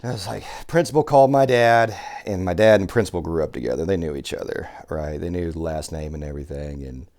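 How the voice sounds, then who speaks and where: Deep-voiced guy on a podcast, animated storyteller, swears a lot, does the voices of people in his stories. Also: fast, hardly any pauses. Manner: animated, swears freely, acts out quoted people. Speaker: survival instructor, podcast guest. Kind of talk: casual storytelling chat.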